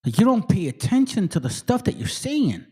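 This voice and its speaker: A man's voice: high-pitched, huge pitch swings, moderate pace, a little mellow, husky. A man hosting his channel, giving angry, profane commentary on videos he plays. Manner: profane, heated, ranting. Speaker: channel host.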